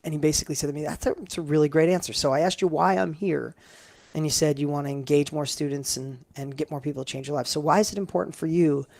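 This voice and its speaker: A man's voice: a little high, steady tone, fast talker, gravelly, darkish tone, dry recording. A middle-aged man telling a personal story as a guest in an interview, emphatic and building up with repeated phrases. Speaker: guest entrepreneur.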